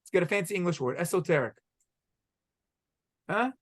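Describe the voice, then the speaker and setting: A man's voice: high-pitched, lively intonation, normal speed. A middle-aged man teaching a halacha class as a rabbi, energetically quizzing students and saying Hebrew words with an Israeli pronunciation. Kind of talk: classroom lecture with questions to students.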